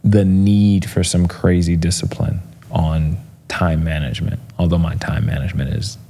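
He has a deep voice and a moderate pace. In an interview as a motivational speaker, he tells stories loosely, with plenty of fillers, acting out quoted lines with animation.

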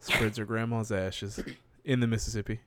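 A man joins in a casual chat, adding short replies and laughing a lot. His voice sits a little low. The sound is dry and close. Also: level tone, moderate pace, no room sound. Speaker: podcast co-host.

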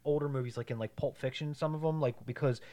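A man co-hosting a casual movie podcast, explaining filmmaking details with some swearing and loud impressions. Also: mid-range voice, steady tone, fast. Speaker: podcast co-host. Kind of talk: casual movie recap chat.

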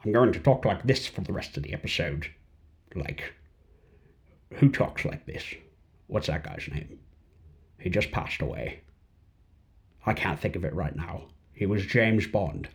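A man putting on an impression of a male film star, talking in a low, muttering voice. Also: lively intonation, unhurried, vocal fry, long pauses, heavily acted. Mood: mumbling.

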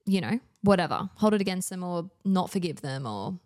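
A woman's voice: fairly low pitch, lively intonation, brisk, darkish tone. A woman in her thirties with an Australian accent, telling stories as a podcast guest in casual chat, full of fillers. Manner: chatty storytelling, many fillers.

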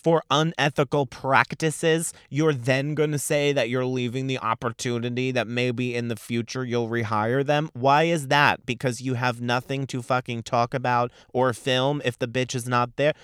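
A man's voice: medium pitch, little pitch movement, moderate pace, hardly any pauses, fairly bright tone, clear, resonant tone, no echo, clean studio sound. A young man hosting a solo podcast, ranting in a sassy, profane, mocking way. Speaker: podcast host.

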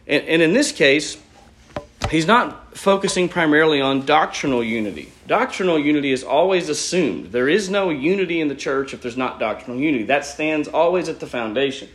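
A man's voice: a little high, expressive, fairly quick, fairly bright tone. A man preaching an expository sermon, explaining a passage verse by verse and answering his own questions. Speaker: pastor.

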